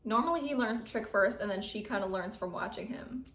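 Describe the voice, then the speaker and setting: A woman's voice: mid-range voice, fairly quick, a bit bright. Woman, cat vlogger, casual chat, gushing, giggly, echoey room at home. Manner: gushing, frequent likes and giggles. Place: at home indoors.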